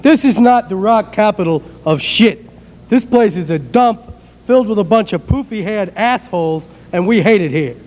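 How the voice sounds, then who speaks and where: A man with a high voice that swoops widely as he sneers out profane insults. A long club reverb trails each line, with faint noise under it. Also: animated, moderate pace, darkish tone. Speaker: metal band member in stage persona. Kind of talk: sarcastic shock-humor banter. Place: rock club.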